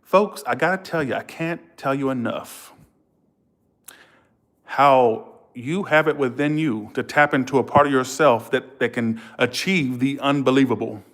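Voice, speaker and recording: A man's voice: mid-range voice, unhurried. A man, a tarot reader hosting a livestream, telling stories with feeling and swearing freely. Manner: animated, emotional, swears freely; thanks viewers warmly and repeatedly. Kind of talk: casual livestream storytelling.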